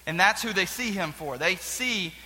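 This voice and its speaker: A young man teaching a Bible story to a group in a casual, joking, animated way. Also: high-pitched, moderate pace. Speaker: youth pastor. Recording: long hall reverb.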